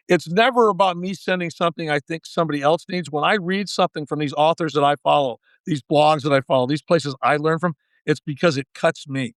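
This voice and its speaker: A man's voice: a little high, fairly quick, few pauses, no echo. Folksy older man telling a story. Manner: folksy storyteller acting out quoted dialogue. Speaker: guest, former baseball manager. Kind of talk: storytelling in a podcast interview.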